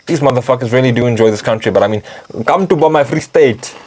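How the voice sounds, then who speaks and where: A man's voice: mid-range voice, quick pace, a little mellow. South african dude on a podcast, afrikaans first language, chill and sweary, stumbles over his words a lot. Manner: laid-back, profane, repeats himself. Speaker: podcast co-host. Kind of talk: casual podcast chat.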